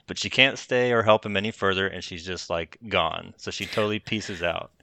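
Deep-voiced man recapping a film. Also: steady tone, moderate pace, vocal fry, pushed and bright, no room sound. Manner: rambling recaps with many fillers. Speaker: podcast co-host. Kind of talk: casual chat reviewing a film.

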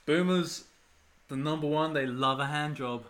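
A man's voice: on the high side, unhurried, a bit bright. A young adult man co-hosting a podcast, teasing and dry in casual chat as he reads out figures. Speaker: podcast co-host.

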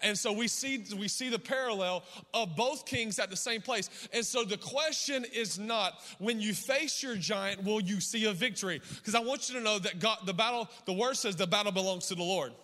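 A middle-aged man preaching a sermon as pastor, his voice hoarse and worn from yelling, with a rhythmic delivery and call-outs to the congregation. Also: high voice, moderate pace, hardly any pauses, big-room sound.

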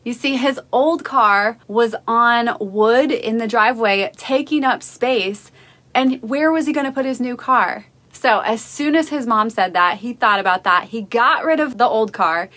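Recorded as Facebook Live audio with quiet music underneath, the podcast host speaks in a fairly high, fairly bright voice at a measured pace. She's a young adult woman sharing upbeat, motivating stories.

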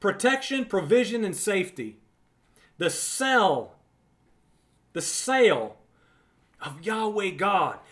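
Preacher type, male, fairly high voice; fervent, conversational Bible teaching, leans on repetition. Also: sing-song, takes it slowly, pauses often, a bit bright. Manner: emphatic, repeats words for emphasis; conversational, addresses listener as friend.

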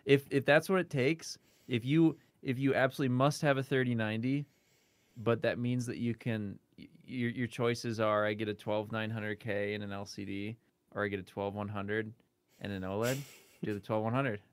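A man guest on a casual tech podcast, chatty and quick to laugh, with plenty of fillers. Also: fairly low pitch, steady tone, smooth, no echo.

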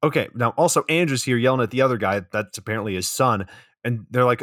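A man's voice: lowish voice, fast talker, a bit bright, no echo. Man, podcast co-host, crude sarcastic movie recap, dry close sound. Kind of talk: casual comedic movie recap.

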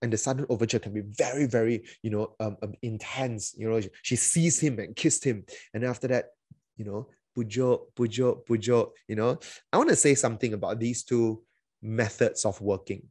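A man preaches a sermon as a pastor, chatty and full of fillers, restarts and little acted-out quotes. His voice sits in an ordinary middle pitch and the recording is dry and close, with no room sound. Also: normal speed, a little mellow, breathy edge, no room sound.

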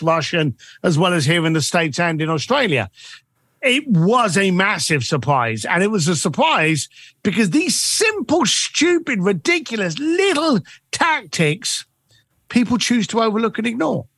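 A man's voice: high-pitched, dry recording. A man being interviewed as a guest author and coach, telling stories animatedly and acting out the dialogue. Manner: animated, acts out quoted dialogue. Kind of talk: interview storytelling.

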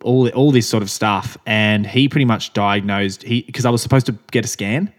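Lower-voiced man telling a rambling story. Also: normal speed. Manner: rambling storyteller, swears casually, laughs often. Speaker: podcast co-host. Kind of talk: casual chat.

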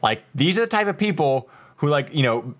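A man's voice: a little high, sing-song, fairly quick. A man co-hosting a podcast, chatting casually and comedically in a rambling, profane way. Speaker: podcast co-host.

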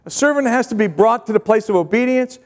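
Man, preacher, high voice, earnest sermon, repeats himself, rhetorical questions, long reverb. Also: expressive, fast talker. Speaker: pastor.

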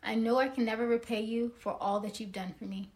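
A woman voices a grateful young woman in an audio drama. She speaks politely and with effusive thanks, in a slightly raised pitch. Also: fairly even intonation, a little fast, darkish tone, close to an everyday voice. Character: grateful young woman Tiffany, newly converted.

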